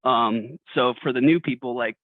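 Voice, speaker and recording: A man's voice: medium pitch, normal speed, dry recording. A man in a sales team telling a story on a video call, blunt and profane. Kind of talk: casual storytelling. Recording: tinny phone-like video call.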